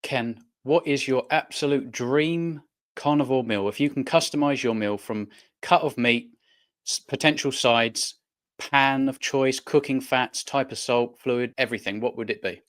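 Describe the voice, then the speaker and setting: A man's voice: medium pitch, a little slow. Curious male host with a mid-range voice. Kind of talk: interview questions.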